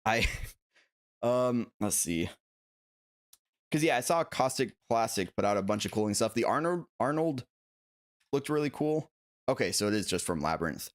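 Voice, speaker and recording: A man chatting on a live stream, excitable and rambling as he answers his viewers. His voice sits in a middle pitch, and he trips over fillers and restarts his sentences often. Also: moderate pace, long pauses. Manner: excitable, rambling, reads viewer comments aloud; frequent fillers and self-corrections. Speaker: collectibles channel host. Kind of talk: casual live-stream chat.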